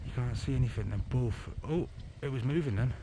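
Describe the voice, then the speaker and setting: Excitable man vlogging outdoors. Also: medium pitch, fairly quick, noisy background. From England. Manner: excitable, chatty, laughs often. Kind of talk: casual vlog narration. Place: outdoors in a forest at night.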